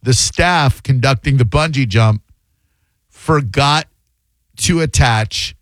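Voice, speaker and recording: A man's voice: mid-range voice, slow pace, fairly bright tone, no room sound. A man hosting a call-in radio show, talking casually with brash, joking bursts. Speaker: radio talk show host.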